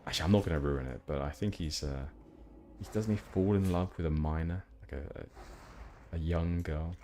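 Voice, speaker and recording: A man's voice: low-pitched, a little mellow, a little hiss or hum. A young man from Hampshire, England, chatting casually with viewers while streaming a game, rambling with many fillers and restarts. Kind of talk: casual gameplay chat with viewers.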